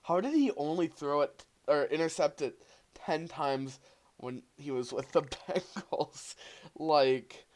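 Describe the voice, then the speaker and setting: A man's voice: on the high side, animated, slow. A man co-hosting a casual fantasy football chat, easygoing and moving things to the next topic. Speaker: co-host on a stream.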